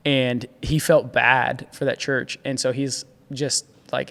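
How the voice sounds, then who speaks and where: Gravelly guy in his 30s on a podcast, chatty and animated, lots of bro and dude. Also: medium pitch, slow pace. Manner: animated, laughs often, says "bro" and "dude". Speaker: podcast guest, agency founder. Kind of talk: casual storytelling chat.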